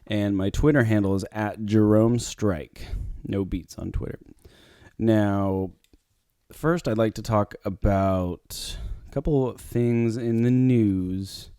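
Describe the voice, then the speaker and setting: A man with a low, mellow voice hosts his own casual podcast. He rambles through his thoughts with frequent ums and self-corrections. The sound is close and dry, with no room around it. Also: fairly even intonation, slow pace, clean tone, no echo. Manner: rambling, many fillers and restarts. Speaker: podcast host. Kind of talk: casual solo podcast talk.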